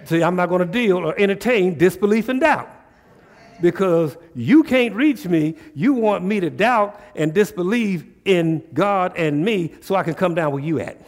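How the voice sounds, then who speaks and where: A man's voice: high voice, expressive, moderate pace. Preaching man, echoey church hall. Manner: call-and-response, rhetorical questions, casual dialect. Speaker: pastor. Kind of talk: sermon.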